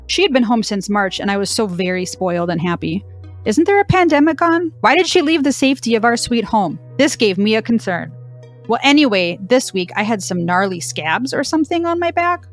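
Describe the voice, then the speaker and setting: A woman's voice: medium pitch, lightly acted. A woman voicing a sassy, dramatic deaf female cow dog, reading her diary with a dry, mock-dramatic delivery. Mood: wry.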